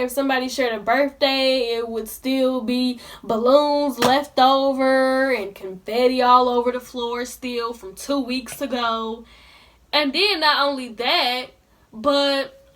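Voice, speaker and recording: Young woman ranting on a storytime vlog, high voice, talks right at the viewers. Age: young adult. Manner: animated, indignant ranting; colloquial, talks straight to viewers. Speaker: vlogger.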